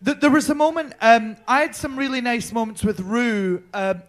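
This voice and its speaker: A man's voice: extremely high pitch, normal speed, a bit bright. A young Scottish man telling a rambling backstage story on a panel, chatty, swearing freely, with lots of ums and restarts. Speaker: drag performer, viewing party panelist. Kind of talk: casual anecdote telling.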